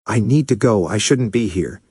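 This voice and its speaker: A man voicing a furious, grieving young male speedster who shouts and seethes. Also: fairly low pitch, expressive, normal speed, breathy edge, dry recording, studio quality.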